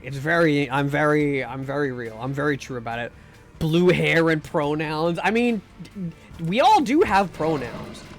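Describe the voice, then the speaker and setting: Guy streaming from his room, kinda high voice, rambly jokey chat, little bit of game music behind. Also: expressive, measured pace. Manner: rambling and joking, with restarts and mock pleas. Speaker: streamer and VTuber. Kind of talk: casual live-stream chat while gaming. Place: home room.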